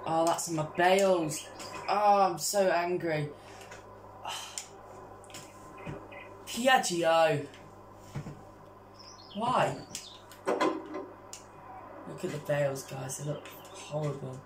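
A woman giving casual gameplay commentary as a vlogger, excitable and constantly calling out to her viewers. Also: fairly low pitch, drawn-out words, long pauses, roomy sound, a little hiss or hum, poor audio. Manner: excitable, keeps addressing viewers as guys. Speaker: gaming vlogger.

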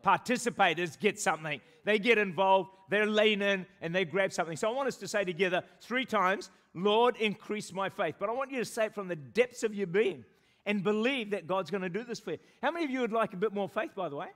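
A New Zealand man preaching to his church, his voice sitting a little high for a man. He moves between animated, joking asides and slow, stretched-out prayers. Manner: animated, laughs often and jokes with the congregation; pleading slowly when quoting prayers. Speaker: pastor. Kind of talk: sermon. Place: church service with a congregation.

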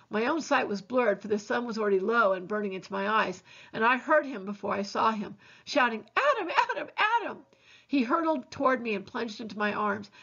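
Woman reading a novel aloud, gravelly. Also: mid-range voice. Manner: earnest, steady reading with small slips. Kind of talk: novel read-aloud narration. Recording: dull lo-fi recording.

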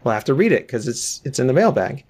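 A man's voice: medium pitch, sing-song, fast talker, darkish tone, breathy edge. A man co-hosting a podcast in casual chat, with dry, wry humor. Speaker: podcast co-host.

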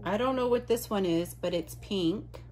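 A woman's voice: medium pitch, moderate pace, darkish tone, slight background noise. A woman vlogger chatting casually as she unboxes mail, gushing and exclaiming often. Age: adult.

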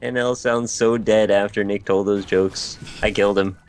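A man's voice: on the low side, steady tone, moderate pace, a little mellow, soft background music. A man co-hosting a gaming stream in casual chat, dry and teasing. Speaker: streamer co-host.

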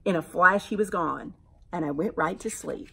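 Husky-voiced woman reading a storybook aloud. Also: lowish voice, moderate pace. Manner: animated, expressive storyteller. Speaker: teacher reading to children. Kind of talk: reading a rhyming picture book aloud.

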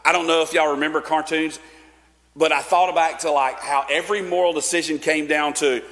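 A man's voice: a little high, fairly even intonation, brisk, fairly bright tone. A man preaching a sermon in a casual, conversational way, with fillers and restarts. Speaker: pastor. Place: church sanctuary. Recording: long church reverb.

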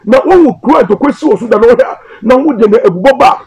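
A pastor talking in a casual interview, animated and mixing in English phrases. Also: male voice, very high voice, fast, vocal fry, husky, poor audio.

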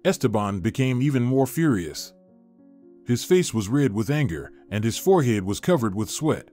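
A man narrating a dramatic story in an expressive reading. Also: medium pitch, normal speed, faint music behind.

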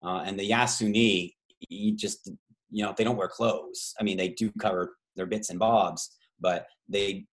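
A man's voice: fairly low pitch, steady tone, unhurried. A man from Canada hosting a travel trivia game over a video call, rambling through side stories with many fillers. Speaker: trivia host and tour guide.

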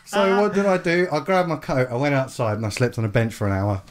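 A man from England is co-hosting a casual podcast chat, telling a long, rambling story. His voice sits at an ordinary middle pitch. He swears freely in an easygoing way. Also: fast talker. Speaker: podcast co-host.

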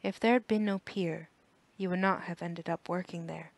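A woman voicing a gentle, patient elderly widow who speaks kindly and softly in an audiobook. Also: fairly low pitch, steady tone, moderate pace, gravelly.

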